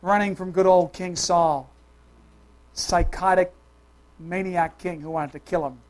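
A preacher giving a sermon, talking straight to the congregation with quick questions, swinging between loud emphatic calls and soft, hushed asides. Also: medium pitch, steady tone.

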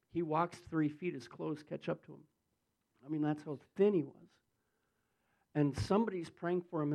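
A man's voice: on the high side, gravelly, a little mellow, low-quality recording. A man preaching a sermon, telling a story with acted-out quotes and building into fervent prayer.

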